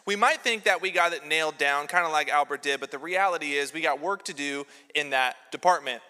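A man preaching a sermon as pastor in a church, telling lively jokey stories with props. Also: fairly high pitch, brisk. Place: large church sanctuary. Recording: long church hall reverb.

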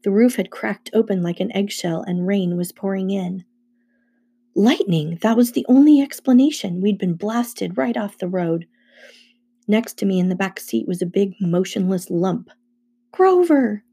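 A woman reading a first-person novel aloud with brisk storytelling. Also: medium pitch, warm tone, slightly rough. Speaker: audiobook reader.

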